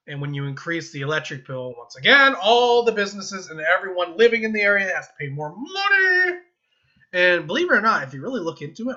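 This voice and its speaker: A man's voice: fairly high pitch, pushed and bright, muffled recording. A young American man giving casual, rambling political opinions over gameplay, often chuckling and correcting himself. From United States. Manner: rambling, self-interrupting, with chuckles. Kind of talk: casual rambling commentary while gaming.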